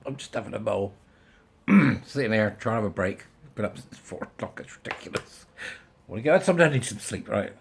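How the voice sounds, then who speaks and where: A man's voice: on the low side, a little fast, gravelly, a bit bright, a little hiss or hum. A man ranting bluntly in a casual vlog monologue, exasperated and emphatic. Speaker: vlogger.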